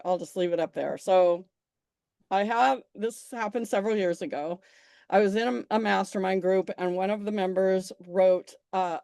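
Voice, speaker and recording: A woman's voice: medium pitch, darkish tone, dry recording. Woman doing a chatty business workshop, keeps restarting sentences, emphatic, dry close sound. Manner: chatty storyteller, frequent restarts and self-corrections; emphatic, coaxing. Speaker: small business marketing presenter. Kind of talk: informal workshop talk.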